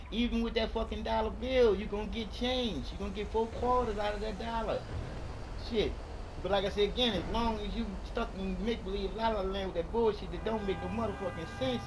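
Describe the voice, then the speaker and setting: A man's voice: high-pitched, a little fast. A man delivering a repetitive, profane, emphatic monologue, preaching at the camera. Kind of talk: casual rambling monologue. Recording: loud traffic and sirens behind.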